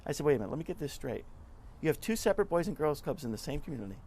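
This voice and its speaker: A middle-aged man, a nonprofit club leader, giving a casual interview and telling stories in a lively way, often acting out what people said. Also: a little high, rapid-fire, vocal fry, slight background noise. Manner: chatty, animated storyteller who acts out quotes.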